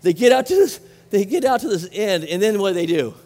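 Speaking quickly, a middle-aged pastor from Southern California delivers a lively sermon in a high-pitched voice. Questions to the congregation alternate with offhand remarks, and a long reverb makes it sound like a big hall.

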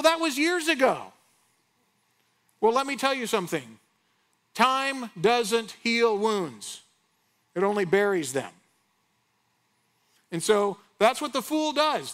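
A middle-aged man preaching a sermon in an earnest, conversational way, slowing down to stress key lines. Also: extremely high pitch, a bit bright. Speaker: pastor.

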